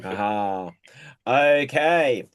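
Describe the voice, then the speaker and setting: A man's voice: medium pitch, expressive, clear, resonant tone. A man hosting an improv comedy game, calling on players by name and telling his own bar jokes in a casual way. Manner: unhurried, calls on players by name.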